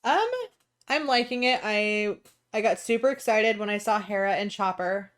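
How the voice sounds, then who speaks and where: A woman's voice: medium pitch, normal speed. A young woman co-hosting a podcast, chatting eagerly and explaining details. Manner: enthusiastic, explanatory. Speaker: podcast co-host. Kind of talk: casual chat.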